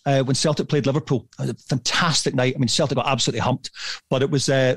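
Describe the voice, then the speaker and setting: A middle-aged man telling a rambling, animated story as a podcast guest, swearing freely and laughing at himself. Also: fairly high pitch, no room sound. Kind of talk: casual anecdote telling.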